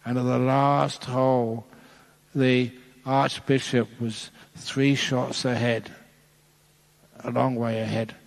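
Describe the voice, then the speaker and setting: A male Buddhist monk giving a dharma talk, telling a playful story and chuckling at his own jokes. His voice sits at a middle pitch for a man, and it rings with a long reverb from a large hall. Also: little pitch movement, slow, gravelly.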